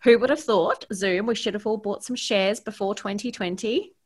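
A woman's voice: medium pitch, normal speed, husky. A woman in her thirties hosting a podcast, chatting casually and laughing often as she tells stories. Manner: giggly, chatty storyteller who laughs often. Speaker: podcast host. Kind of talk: casual chat.

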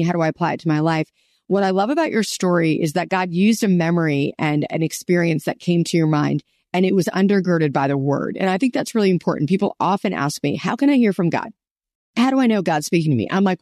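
A woman's voice: fairly low pitch, darkish tone, no room sound, clean studio sound. A woman hosting a faith interview, enthusiastic and teacherly, often affirming her guest. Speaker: podcast host.

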